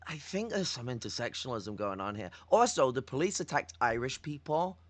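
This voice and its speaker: A man's voice: mid-range voice, sing-song, brisk, dry recording. A man with a Northern English accent hosting a political commentary livestream, rambling and profane, teasing as he talks. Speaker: livestream host.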